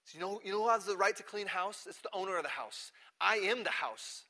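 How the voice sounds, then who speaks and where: A man preaching a sermon in a church, talking conversationally and swinging between loud emphatic lines and quiet asides. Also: high voice, fast. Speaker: pastor.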